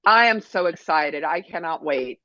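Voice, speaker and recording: A woman's voice: low voice, expressive, moderate pace, bright, forceful tone, no echo, lo-fi sound. A woman co-hosting a live holiday TV show, teasing her partner and full of exclamations. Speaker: co-host.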